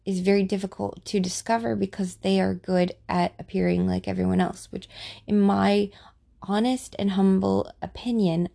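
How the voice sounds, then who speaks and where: A woman talking casually about her personal experiences, offering her opinion in a halting way with restarts and fillers. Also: medium pitch, vocal fry, mellow. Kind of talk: casual monologue.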